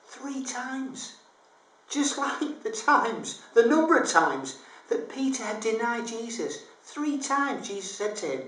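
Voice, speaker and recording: A woman leading a school assembly, telling a story to children with an expressive delivery that lifts high and then drops to a hush. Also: measured pace. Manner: expressive, rises and hushes for effect. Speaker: assembly leader. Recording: echoey, roomy recording.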